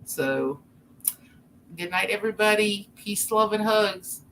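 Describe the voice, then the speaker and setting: Woman, stream host, casual sign-off, bright tone, faint background noise. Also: medium pitch, lively intonation, slow, creaky, low-quality recording. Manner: teasing and warm sign-off. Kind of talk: casual chat. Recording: live stream with faint ambience.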